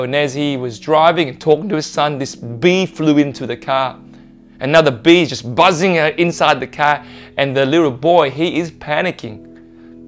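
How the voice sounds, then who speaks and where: A man preaching an Easter sermon as pastor, earnest and reassuring, repeating his points for emphasis. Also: fairly high pitch.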